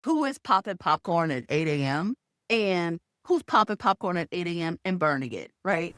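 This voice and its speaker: A middle-aged woman tells a personal story straight to camera in a lower voice that swings widely in pitch. She acts out the sounds and voices as she goes. The recording is close and dry, with no room echo. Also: sing-song, moderate pace, fairly bright tone. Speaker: video host and former HR executive.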